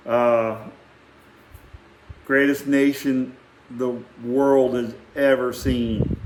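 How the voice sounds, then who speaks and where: A middle-aged man telling a rambling, animated story in a casual way and acting out quotes. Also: mid-range voice, roomy sound. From Texas. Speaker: vlogger.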